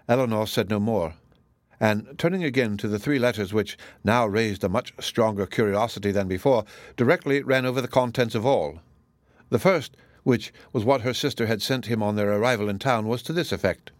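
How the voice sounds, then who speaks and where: A man reading a classic novel aloud as an audiobook narrator, in a measured, even manner. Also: fairly low pitch, no echo.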